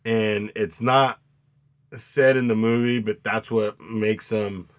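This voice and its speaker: A man co-hosting a casual movie review chat, retelling scenes with loud acted-out outbursts and plenty of swearing. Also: lowish voice, steady tone, slow. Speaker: podcast co-host.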